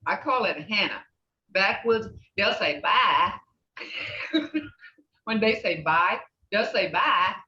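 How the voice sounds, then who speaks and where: A woman's voice: mid-range voice, animated, slow, pauses often. Chatty older Oklahoma woman teaching. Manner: chatty, laughs often, acts out sounds. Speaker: language teacher. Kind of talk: casual class talk. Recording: distant, dull, roomy sound.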